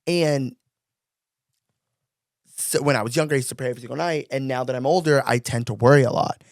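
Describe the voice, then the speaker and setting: A young man co-hosting a podcast, telling stories in an animated, rambling way with many fillers. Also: mid-range voice, a little fast, long pauses, no echo, studio quality. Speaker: podcast co-host. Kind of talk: casual storytelling chat.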